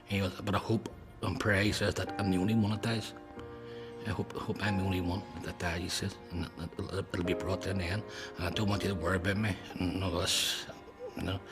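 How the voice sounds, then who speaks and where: A man, a former prisoner, recalling events bluntly in halting speech that goes soft at emotional moments. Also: deep voice, little pitch movement. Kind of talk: recollection in interview. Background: clear music.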